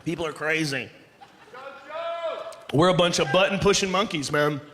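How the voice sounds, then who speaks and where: High-voiced guy doing loud sweary standup, big echoey hall, lots of noise around. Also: normal speed. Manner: profane, animated, acts out voices, often shouting. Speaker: stand-up comedian. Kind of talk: stand-up comedy set. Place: large live venue with audience. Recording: live stage recording with long hall reverb.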